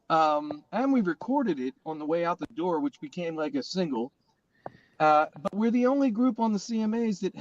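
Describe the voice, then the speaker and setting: A man's voice: sits high, darkish tone, muffled recording. A middle-aged man, a guest drummer, telling stories in casual chat, acting out people's voices and swearing freely over a video call.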